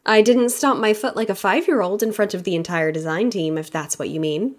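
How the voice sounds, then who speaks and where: An earnest, friendly young intern, as a woman reading an audiobook gives her a slightly brighter, lifted voice. She speaks plainly, with no heavy character put-on. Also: mid-range voice, a little fast, natural voice.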